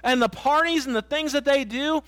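A man's voice: extremely high pitch, moderate pace, a bit bright, no echo. A middle-aged man preaching a sermon in a church, earnest and emphatic, telling stories and repeating his points. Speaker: pastor. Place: church sanctuary.

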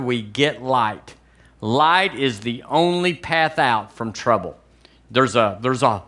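Bright-voiced preaching pastor, slow and emphatic. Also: male voice, mid-range voice, expressive. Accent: Southern American. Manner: preaching with slow emphatic repeats and calls to say it with him. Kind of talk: sermon.

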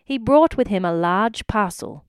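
Expressive woman reading a children's story. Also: medium pitch, unhurried, clear, resonant tone, no echo, clean studio sound. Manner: expressive, addressing the listener.

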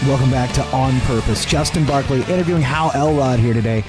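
A man's voice: mid-range voice, a little fast, over loud music. A man hosting a radio interview show, folksy and laughing along as he plays devil's advocate.

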